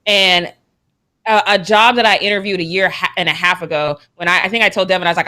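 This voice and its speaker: A young adult woman co-hosting a sports show in casual chat, expressive and emphatic, laughing often. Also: fairly low pitch, fast talker.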